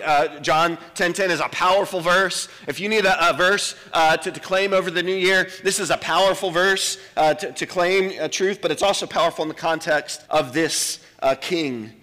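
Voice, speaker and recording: Man preaching a sermon, high voice, bright and forceful, long hall reverb, emphatic with slow quoted lines. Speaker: pastor. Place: church sanctuary.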